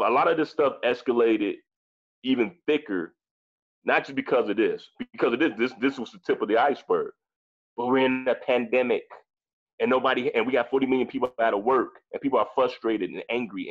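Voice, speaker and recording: A man in his forties joins a casual discussion as a guest, speaking at a medium pitch. He talks emphatically, swears often and repeats phrases while thinking out loud. The sound is lo-fi.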